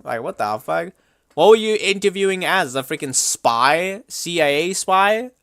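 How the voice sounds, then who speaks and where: A young man livestreaming, chatting casually and reacting to chat in a slangy, animated way. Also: fairly high pitch, moderate pace, smooth, no echo, clean studio sound.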